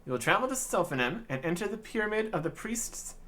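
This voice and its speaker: A man voicing a sinister female demon who hypnotizes her servant in a game, speaking in a slow, commanding way. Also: sits high, very animated, pushed and bright, voice pushed up, full character voice.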